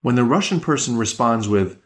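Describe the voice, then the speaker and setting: A man teaching a podcast language lesson, patient and explanatory, slowing down on key words. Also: mid-range voice, expressive.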